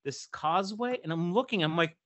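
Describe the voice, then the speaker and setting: A man in his fifties telling a long story in casual podcast chat, animated and profane, acting out the people in it. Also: high-pitched, a little fast. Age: 50s. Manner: animated, profane, acts out voices in his stories. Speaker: podcast co-host.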